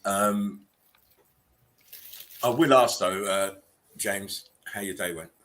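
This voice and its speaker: A man hosts a casual online chat in a lowish, bright and forceful voice. He talks in a chummy, laid-back way and greets everyone by name. A faint hiss of noise sits under his computer mic. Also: slow. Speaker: host.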